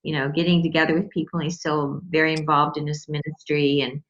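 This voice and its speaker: An older woman speaking as a guest, thoughtful and gentle, with halting phrasing. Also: sits low, little pitch movement, lo-fi sound. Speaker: guest, caregiver wife. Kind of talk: casual conversation.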